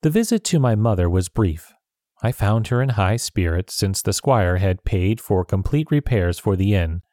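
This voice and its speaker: A man narrating a story in a measured, steady reading. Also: on the low side, dry recording, clean studio sound.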